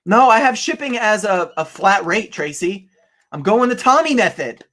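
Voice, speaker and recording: An excitable young man chats on a casual live stream with a voice pitched a little higher than most men's. He laughs often and talks straight to his viewers, thinking out loud as he works. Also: normal speed. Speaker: online reseller hosting a live stream. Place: home office.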